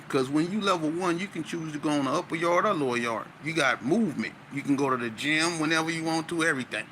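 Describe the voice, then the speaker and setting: A man, a guest on an interview show, telling a story in an animated, slang-heavy way with stuttering restarts. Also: fairly high pitch, quick pace, slight background noise, low-quality recording.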